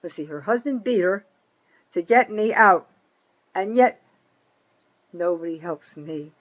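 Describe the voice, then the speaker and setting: A woman's voice: expressive, unhurried, low-quality recording. Angry older New woman ranting. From North Jersey, USA. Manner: bitter, profane, swings from loud outbursts to low muttering. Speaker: vlogger. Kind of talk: angry political rant to camera.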